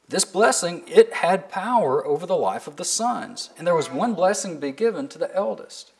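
Male preacher, sermon delivery, higher pitch, very animated intonation, earnest questioning. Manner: earnest, asks the listeners pointed questions; reads scripture aloud with emphasis.

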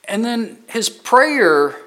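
A man's voice: very high-pitched, very animated, drawn-out words, sharp tone. A man preaching a sermon as pastor, reading scripture aloud and driving points home with repetition.

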